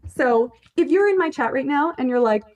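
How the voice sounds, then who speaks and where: A woman's voice: high-pitched, animated, moderate pace, darkish tone. A woman chatting casually on a livestream, emphatic, swearing freely and laughing often as she answers her chat. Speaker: fanfiction writer on a livestream.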